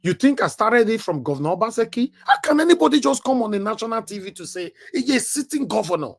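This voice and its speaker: A man's voice: very high voice, big pitch swings, fast talker, vocal fry, breathy edge. A man with a Nigerian accent hosting a live call-in show, making emphatic points with rhetorical questions. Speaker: live show host taking calls.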